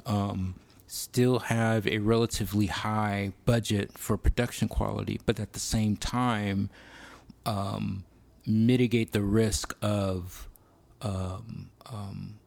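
A man co-hosting a casual podcast chat, thoughtful and halting, with many pauses and restarts. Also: fairly low pitch, steady tone, vocal fry, darkish tone, no echo. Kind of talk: casual film-industry chat.

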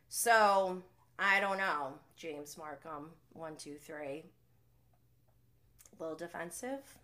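A young woman hosting a live podcast, chatting casually and animatedly, swinging between low muttered asides and heated rants. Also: slow, pauses often, sharp tone. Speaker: podcast host. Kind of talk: casual live recap chat.

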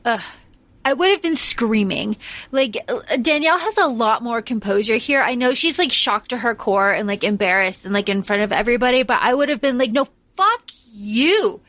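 A young adult woman co-hosts a podcast with a slightly high voice. She talks bluntly and emphatically in casual chat, swearing freely. The sound is dry and close. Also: a little fast, fairly bright tone, dry recording. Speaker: podcast co-host.

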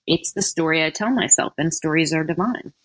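A woman's voice: low voice, fairly quick, breathy edge. A woman being interviewed, talking casually and animatedly with self-deprecating asides. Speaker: interview guest.

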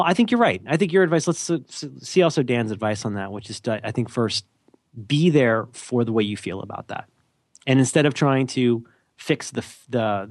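A podcast co-host chats casually and hands out advice in a self-deprecating, rambling way, restarting often. His voice is medium-pitched, and the studio-quality recording has no echo.

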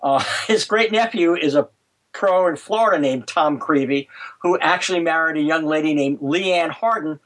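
A man telling golf history anecdotes on a podcast, halting with many fillers and restarts. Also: on the high side, fairly bright tone, poor audio. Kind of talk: podcast conversation, storytelling.

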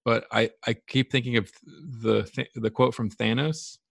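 Gravelly-voiced man chatting on a podcast. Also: medium pitch, a little slow, fairly bright tone, no room sound, clean studio sound. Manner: loose, searching for words, stammering restarts. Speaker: podcast co-host. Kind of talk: casual podcast discussion.

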